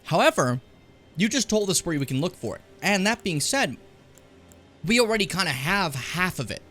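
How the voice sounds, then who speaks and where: A man's voice: high voice, sing-song, normal speed, sharp tone, faint music behind. A young man hosting a game stream, joking around in casual, playful chat and sometimes talking while eating. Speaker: streamer host. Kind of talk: casual chat over gameplay.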